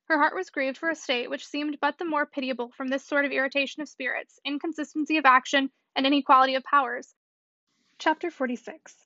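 A woman reading a classic novel aloud as an audiobook, fluent and brisk. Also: high-pitched, fairly even intonation, bright, forceful tone, dry recording, muffled recording. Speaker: audiobook reader.

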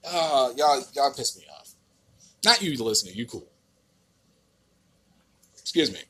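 A man's voice: mid-range voice, very animated, a little slow, fairly bright tone, slightly rough. A man with an American accent hosting a podcast, ranting in a casual, exasperated and profane way with many restarts. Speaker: podcast host.

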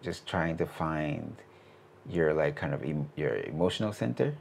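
Man, 30s, interview guest: very low gravelly voice, loose and rambling, lots of "um" and "you know". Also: unhurried, a little hiss or hum. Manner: relaxed, rambling, many fillers and restarts. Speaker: animation studio CEO, interview guest. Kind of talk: casual interview answers.

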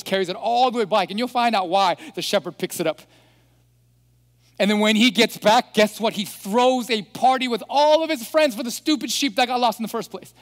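High-voiced pastor preaching in echoing hall. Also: male voice. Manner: animated, asks the congregation rhetorical questions. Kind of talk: sermon. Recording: long hall reverb.

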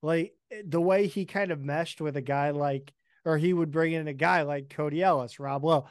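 A man's voice: a little high, fairly even intonation, moderate pace, clear, resonant tone, no room sound, clean studio sound. A man hosting a podcast who asks questions in a casual, joking way. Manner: joking and chatty, laughs often. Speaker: podcast host. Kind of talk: casual interview chat.

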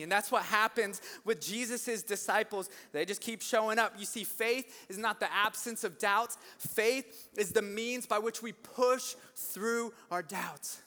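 Energetic male pastor, high bright voice, animated storytelling sermon, echoing church hall. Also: unhurried, few pauses. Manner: animated storytelling, acts out voices, rising to shouts. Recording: long hall reverb.

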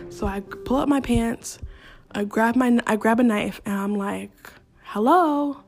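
A young woman hosting a podcast, telling a scary story in a casual, animated, profane way, talking straight to her listeners. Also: fairly high pitch, unhurried, soft background music. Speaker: podcast host.

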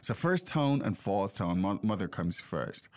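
Lively man hosting a language lesson. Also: fairly low pitch, unhurried, dry recording. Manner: explains and prompts with questions, many fillers. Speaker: podcast host and teacher. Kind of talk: casual language lesson chat.

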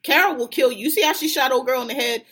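A woman's voice: sits high, racing, breathy edge. A woman hosting a podcast, chatting casually and profanely about a TV episode, acting out characters' lines. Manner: animated, profane, laughs often, acts out characters' lines. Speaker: podcast host. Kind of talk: casual TV recap chat.

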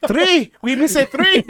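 A man putting on a shrill frantic landscaper boss. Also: animated, slow pace, bright, forceful tone, no room sound, studio quality, heavily acted. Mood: frantic comic. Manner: shrill, exaggerated, broken English.

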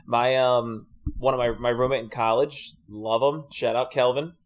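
A man's voice: mid-range voice, moderate pace. A young man in casual podcast chat, talking in an easy middle register. He tells stories with lots of energy, swears freely and laughs often. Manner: animated storyteller, swears a lot, laughs often. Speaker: podcast co-host.

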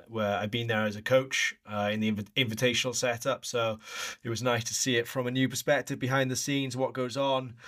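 A man's voice: mid-range voice, pushed and bright. Chatty man in his early thirties. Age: early 30s. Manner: chatty storyteller, laughing often. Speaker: podcast co-host, former player. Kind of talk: casual chat.

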